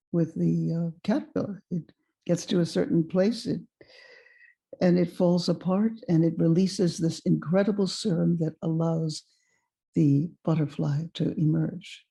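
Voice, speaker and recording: A woman giving a guest talk, telling a personal story in an expressive, unhurried way. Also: lowish voice, creaky. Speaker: guest speaker.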